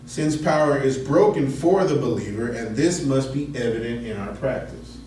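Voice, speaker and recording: A man's voice: mid-range voice, expressive, normal speed, a little mellow, a little hiss or hum. A man teaching a Bible study lesson in a conversational way, asking his class questions as he explains. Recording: echoey room, mic at a distance.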